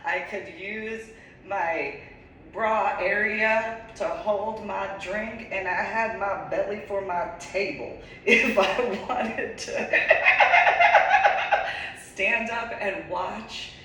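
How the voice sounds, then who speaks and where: Woman from New Jersey, forties, casual storytelling, bright voice, slow, echoey room. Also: medium pitch, a little hiss or hum. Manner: animated, laughs often between lines. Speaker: vlogger. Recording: echoey room, far from the mic.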